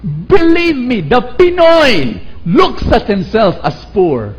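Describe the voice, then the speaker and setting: A man preaching a sermon with a Filipino accent, animated and calling on the audience to repeat after him. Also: extremely high pitch, takes it slowly, muffled recording, slight background noise. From Philippines. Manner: animated, acts out quoted voices, calls for audience response.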